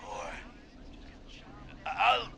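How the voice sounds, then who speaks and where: An actor playing a teenage prank caller who fakes a creepy old killer's voice in a whispered, gravelly rasp, then drops into bratty mockery. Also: male voice, fairly high pitch, huge pitch swings, drawn-out words, very noisy, heavily acted. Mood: faltering threats. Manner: menacing then bratty and mocking.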